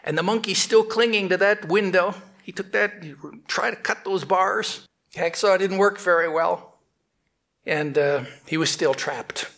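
Halting male spiritual teacher. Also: sits high, a bit bright. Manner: halting, repeats words, restarts phrases. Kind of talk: spoken teaching with a story.

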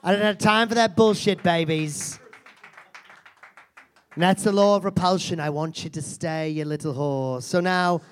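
A crude, foul-mouthed self-help seminar guru in a live comedy act, a man putting her on. She mocks and insults her audience with theatrical scorn, in a voice pitched a touch higher than usual. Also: normal speed, clean tone, close to an everyday voice. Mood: brash. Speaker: comedian performing a character. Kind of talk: live stand-up character act.

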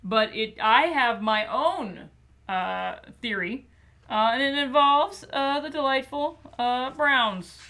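A woman's voice: sits high, slow, bright, forceful tone. A woman hosting a podcast, chatting playfully and casually about children's books. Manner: chatty and playful, with many fillers. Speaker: podcast host.

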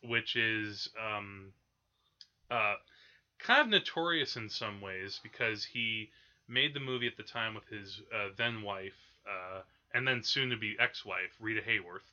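Unhurried and fairly low-pitched, a man hosts a podcast on old films, his sharp-toned talk rambling and full of fillers and restarts, in lo-fi sound.

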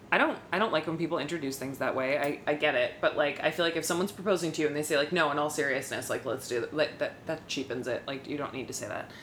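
Podcast co-host, woman, low voice, sarcastic casual recapper, light rumble behind. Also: fairly bright tone. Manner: sarcastic, swears, reads quotes from her notes.

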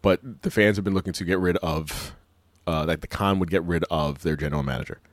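A man with a very deep voice rambles through a casual podcast chat, laughing often and trading playful jabs. The sound is dry and close with no room in it. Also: brisk, dry recording. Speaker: podcast co-host.

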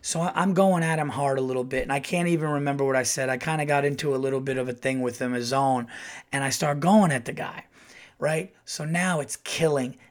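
A middle-aged man telling a casual, animated story as a comedian hosting his podcast. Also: a little fast. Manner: animated, acts out quotes in a louder higher voice.

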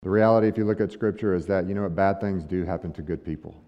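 A man's voice: low voice, quick pace. Male pastor, conversational sermon, long echo in a large hall, dull lo-fi sound. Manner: conversational preaching with rhetorical questions to the congregation.

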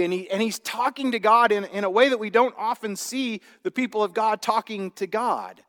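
A man's voice: high-pitched, fairly quick, hardly any pauses, fairly bright tone. A male pastor preaching a sermon in a conversational way, asking the congregation rhetorical questions. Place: church sanctuary. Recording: long hall reverb.

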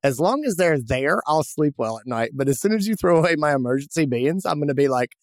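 A man's voice: on the high side, expressive, a little fast, dry recording, clean studio sound. A man hosting a podcast, chatting casually and joking with an old friend, with lots of restarts. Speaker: podcast host.

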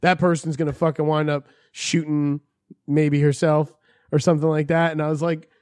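A man's voice: on the high side, little pitch movement, moderate pace, darkish tone, clean tone, dry recording, clean studio sound. A man on a casual podcast, ranting profanely and acting out quotes as he talks. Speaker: podcast co-host. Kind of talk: casual chat.

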